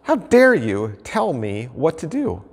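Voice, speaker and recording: Brief: pastor doing an indignant guest, defiant and touchy, slightly high voice, long reverb. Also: male voice, huge pitch swings, slow pace, heavily acted. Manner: defiant, then hurt and sulky. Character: stubborn, indignant guest who feels slighted.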